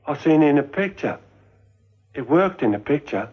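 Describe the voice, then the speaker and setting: An actor playing a slow-witted, naive young army private who speaks simply and earnestly, in a 1950s British film comedy. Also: male voice, fairly high pitch, big pitch swings, breathy edge, phone-quality sound.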